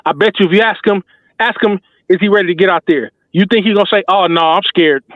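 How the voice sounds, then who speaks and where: A male talk show host in full fan mode, rallying the listeners with emphatic, repetitive slang. His voice sits high for a man and comes through narrow and phone-like. The sound is dry and close, with no room around it. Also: fast, no echo. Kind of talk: passionate fan commentary.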